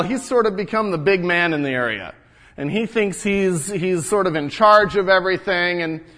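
A man's voice: high voice, fairly bright tone. A man playing an earnest, indignant wall-builder and father from ancient Jerusalem, telling his story in the first person and tripping over repeated words. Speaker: first-person biblical character monologue.

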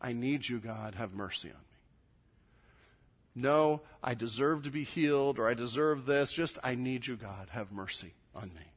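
A man voicing a desperate blind male beggar during a sermon retelling, pleading urgently and swinging between shouts and hushed begging. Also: mid-range voice, normal speed, few pauses, pitched below the performer's own voice, close to an everyday voice.

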